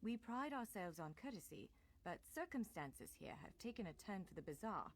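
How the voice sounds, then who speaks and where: A courteous, businesslike clanswoman from a fantasy video game, her voice rising and falling with lively range over a faint, steady ambient hum. She is polite and reassuring as she steers a newcomer. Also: medium pitch, moderate pace. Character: courteous island clanswoman guiding a stranger.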